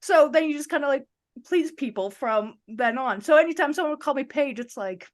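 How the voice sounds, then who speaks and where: A woman's voice: sits high, expressive, fairly quick. A woman co-hosting a casual podcast, telling stories and acting out the lines people said to her. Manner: chatty storytelling, acts out quoted lines. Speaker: podcast co-host. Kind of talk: casual chat.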